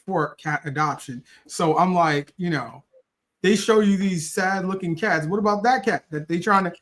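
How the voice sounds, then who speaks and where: A man's voice: sits high, normal speed, fairly bright tone. A man co-hosting a casual live recap show, making laid-back, dry asides. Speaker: co-host.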